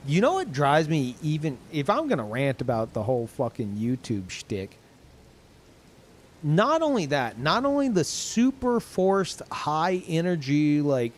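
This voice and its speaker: A young man streaming games, tired and low on energy, rambling in casual chat with lots of swearing, ums and restarts. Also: a little hiss or hum. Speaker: game streamer.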